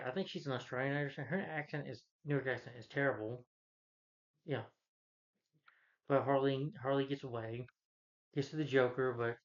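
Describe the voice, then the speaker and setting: A man's voice: mid-range voice, muffled recording. A man giving a casual, opinionated movie review, rambling with many restarts and fillers.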